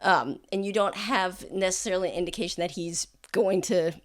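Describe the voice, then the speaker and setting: A woman's voice: on the low side, fairly even intonation, brisk. Rambling woman game master. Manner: rambling, filler-heavy description. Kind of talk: narrating a tabletop game.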